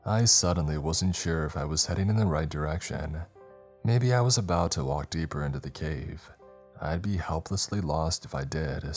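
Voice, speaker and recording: A man narrating a scary story in a steady, measured storytelling manner. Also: a bass voice. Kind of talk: scripted horror narration.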